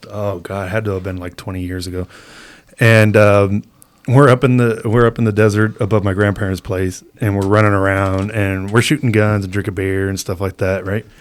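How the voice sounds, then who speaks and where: A man with a fairly low voice spins a long, rambling yarn on a casual podcast. He drifts between his own easy tone and quick imitations of the people in the story. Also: smooth. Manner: laid-back, rambling, acts out quoted voices. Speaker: podcast co-host.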